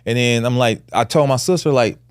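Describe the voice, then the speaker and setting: A man's voice: medium pitch, a little fast, clean tone, dry recording, clean studio sound. A man hosting a podcast, talking casually and growing emphatic and heated as he tells a story. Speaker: podcast host.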